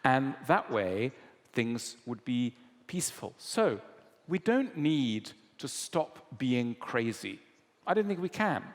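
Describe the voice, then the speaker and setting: In a lecture hall with long reverb, a man with a mid-range voice answers an audience question slowly. He tells it like an animated storyteller, acting out little bits of quoted dialogue as he explains.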